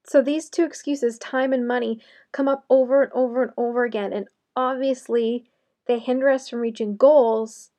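Woman, young adult, slightly high voice, motivational solo talk, conversational, sarcastic asides. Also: fairly even intonation, normal speed, dark tone.

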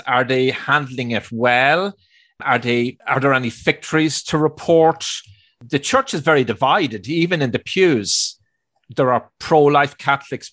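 A man's voice: medium pitch, a bit bright. A man hosts the interview in a mid-range voice. He frames his questions carefully before asking them. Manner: measured, probing questions.

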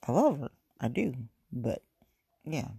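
A woman's voice: extremely low pitch, big pitch swings, a little slow, gravelly, mellow, husky, no room sound. A woman from chatting casually on her own show, rambling, repeating herself and speaking frankly. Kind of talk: casual solo chat.

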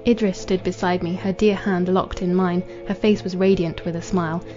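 A woman reading a classic novel aloud as a podcast narrator, in a measured, formal manner. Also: fairly low pitch, steady tone, dark tone. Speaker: audiobook narrator. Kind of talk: scripted literary narration. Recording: dull lo-fi with faint music.

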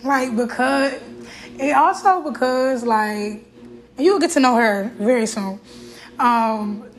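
A woman's voice: a little high, slow pace, rough recording. Candid, emotional woman host, casual talk. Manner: candid and emotional, with fillers and restarts. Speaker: podcast host.

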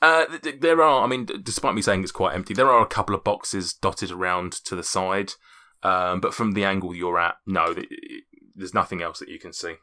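A man's voice: deep voice, bright, forceful tone. A man narrating a tabletop game as game master, often stumbling and restarting. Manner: halting, many restarts.

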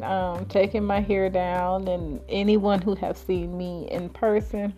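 A woman casually telling a personal story in her own series, chatty and colloquial, breaking into high giggles. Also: warm tone. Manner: laughs often, with high giggles while telling stories; chatty and colloquial, with many fillers.

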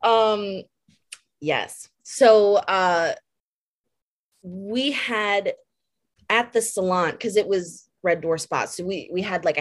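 A young woman, a makeup artist guest, chatting casually and telling lively stories on a podcast. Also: on the low side. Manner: animated storyteller, laughs while telling.

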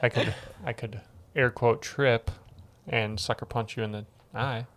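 A man's voice: mid-range voice, steady tone, a little slow, fairly bright tone. A young man making blunt, crude jokes in a casual chat among friends.

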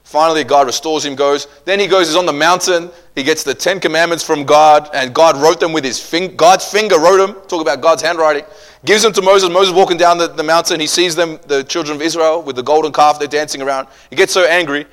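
A man preaching a sermon, telling stories with humor and swinging from loud outbursts to hushed asides. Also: fairly high pitch, fairly even intonation, a little fast.

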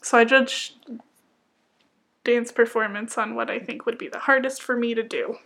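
A woman in a relaxed co-hosted conversation, reading out nominees and poking fun at her own mistakes. Her voice sits a little above the usual pitch for a woman. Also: moderate pace, vocal fry. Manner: self-deprecating, stumbles over names. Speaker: co-host. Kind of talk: casual chat about music awards.

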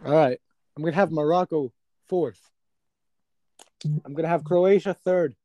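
A man's voice: fairly high pitch, a little slow, no room sound, muffled recording. A young man co-hosting a casual sports podcast, joking and playful, laughing often. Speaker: podcast co-host.

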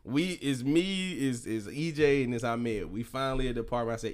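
Laughing as he goes, a podcast co-host tells his friends a wild story about a night out, acting out what everyone said. His medium-pitched voice moves a little fast, and the talk is loose, profane and animated, like easy banter around a table.

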